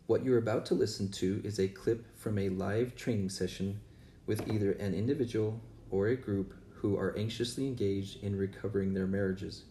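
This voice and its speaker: A man reading a measured, scripted promo intro, recorded from a distance in a roomy space. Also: fairly low pitch, steady tone, mellow, a little hiss or hum. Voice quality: measured, spells things out slowly. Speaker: podcast host.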